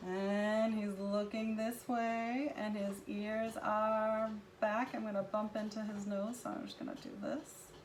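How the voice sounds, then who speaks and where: A woman's voice: medium pitch, slight background noise. A woman teaching first graders, narrating cheerfully as she draws. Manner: cheerful, narrating while drawing. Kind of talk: recorded lesson with drawing.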